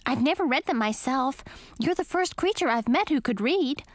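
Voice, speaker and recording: A woman voicing a kindly, fretful female talking bat in a storybook, in a high chirpy voice. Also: expressive, normal speed, dry recording. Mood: fond.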